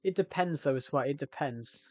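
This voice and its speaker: A man's voice: fairly high pitch, normal speed, dry recording, soft background music. A young man with a West Country accent, chatting casually on a live stream, rambling and repeating himself with frequent restarts. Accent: West Country English.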